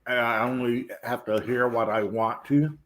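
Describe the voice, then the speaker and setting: A man's voice: mid-range voice, fairly even intonation, moderate pace, a bit bright, low-quality recording. A man joking crudely and boastfully in a casual group chat.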